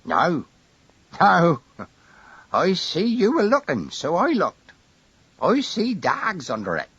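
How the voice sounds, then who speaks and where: A man voicing a tiny, shy old countryman who talks in a high, excited, trumpeting voice. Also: takes it slowly, husky, no room sound, highs cut off, exaggerated voice. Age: older.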